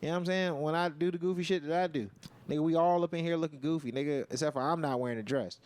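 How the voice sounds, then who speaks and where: A man's voice: fairly high pitch, very fast, darkish tone, no room sound. A man who is a stand-up comedian and podcast host, telling a story in casual, profane, slang-heavy chat.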